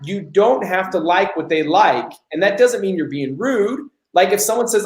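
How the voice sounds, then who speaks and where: A man's voice: sits high, measured pace, echoey room, low-quality recording. A man hosting a live Q&A on business coaching, telling stories and acting out the dialogue. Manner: animated storyteller, acts out quoted dialogue. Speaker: host.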